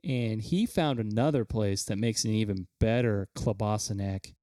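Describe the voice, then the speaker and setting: A man's voice: on the low side, normal speed, mellow, no room sound, studio quality. A man co-hosting a casual podcast chat, reading out fun facts with enthusiasm and stumbling over words now and then. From Kansas. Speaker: podcast co-host.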